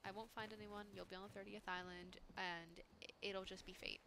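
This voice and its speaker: A young woman hosts a gaming channel, talking casually to her viewers and giggling often as she plays. Her medium-pitched voice is brisk and creaky with fairly even intonation, and game music plays in a noisy background.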